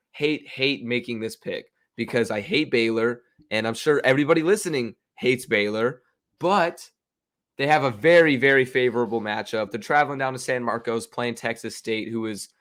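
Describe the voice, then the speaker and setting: An excitable man runs through his football betting picks in a loose, rambling way. He is opinionated and full of restarts, and his voice sits in an ordinary middle pitch. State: hiccups. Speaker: sports betting podcast host. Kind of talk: casual sports betting talk.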